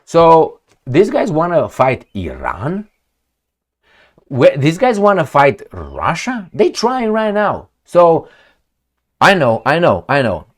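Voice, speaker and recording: A man with a fairly high voice speaks slowly, with huge swings in pitch. Hosting an opinionated political commentary vlog in a non-native English accent, he rants and fires rhetorical questions at the viewer.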